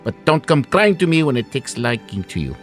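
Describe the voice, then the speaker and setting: A man's voice: mid-range voice, sing-song, fairly quick, soft background music, voice pushed up, natural voice. A man voicing a feisty, indignant small woman in a cottage, scolding and defiant in a tabletop game.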